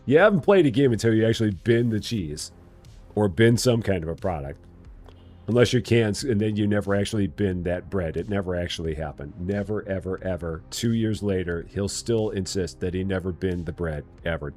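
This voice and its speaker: A man with a low-pitched, somewhat mellow voice streams a game live at a moderate pace. He talks with his viewers, joking, teasing his chat, and breaking into sing-song asides as faint music plays.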